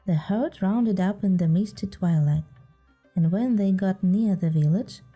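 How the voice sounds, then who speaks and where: A woman reads a storybook aloud in a steady, even way. Her voice is very dark and mellow, with soft music behind. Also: medium pitch, a little slow. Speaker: audiobook reader. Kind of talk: storybook narration. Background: faint music.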